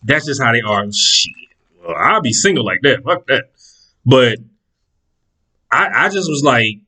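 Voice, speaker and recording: A man's voice: mid-range voice, unhurried, pauses often, poor audio. A man telling a story in casual monologue, swearing freely and acting out the people in it. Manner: animated, profane, acts out the people in his stories.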